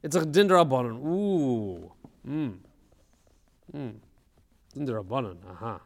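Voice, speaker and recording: A man's voice: medium pitch, animated, a little slow, big-room sound. A man teaching a casual study session, thinking aloud and asking questions, with Hebrew terms mixed into his English.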